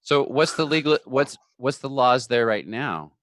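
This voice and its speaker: Bright-voiced man telling a comic story. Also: mid-range voice, measured pace, a little hiss or hum. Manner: animated storyteller acting out quotes. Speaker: co-host. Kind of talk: casual chat, comic storytelling.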